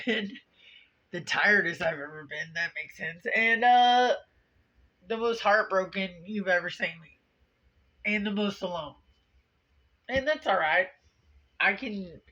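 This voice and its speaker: A tearful woman pours her heart out in a confessional vlog, blunt and profane as she rambles. Her voice is bright and strained. The sound is dull and lo-fi, as from a low-quality video. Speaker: vlogger.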